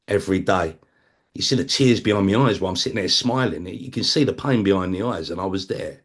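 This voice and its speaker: A man's voice: sits low, fast talker, slightly rough. A man speaking at a recovery meeting, sharing his personal testimony in a blunt, conversational way, swearing freely and acting out other people's voices.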